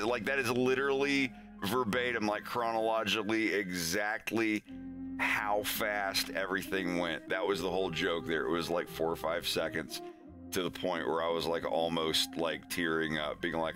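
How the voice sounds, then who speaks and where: Young adult male streamer, casual storyteller, animated delivery. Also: normal speed, over music. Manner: animated, acts out quoted voices with big high pitch jumps.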